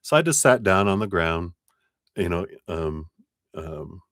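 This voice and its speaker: A man's voice: sits low, expressive, measured pace, a bit bright, dry recording, studio quality. A man giving a casual live tarot reading, chatting, storytelling and laughing often. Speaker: tarot reader on a live stream.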